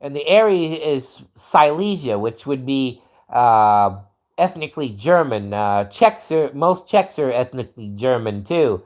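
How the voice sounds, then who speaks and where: Brief: male stream host, profane rambling rant, very animated intonation. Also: medium pitch, unhurried. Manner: profane, rambling, restarts often. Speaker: livestream host. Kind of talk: casual livestream rant.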